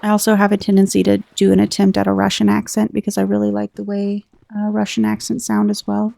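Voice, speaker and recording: An American woman giving relaxed, rambling commentary while playing a game, chatting to her viewers. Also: mid-range voice, quick pace, creaky, dry recording. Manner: chatty, rambling, reads game text aloud. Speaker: gameplay commentator.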